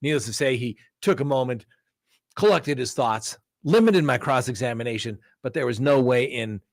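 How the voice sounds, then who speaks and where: A man's voice: medium pitch, no room sound, clean studio sound. A man who works as a defense attorney, hosting a live crime talk stream and telling courtroom stories with a blunt, combative edge, acting out both sides of the exchanges. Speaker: defense attorney and show host.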